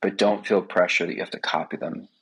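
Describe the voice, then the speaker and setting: A man's voice: deep voice, steady tone, fast, a bit bright, slightly rough, low-quality recording. A man speaking as a podcast guest, talking earnestly and with many fillers in a casual conversation.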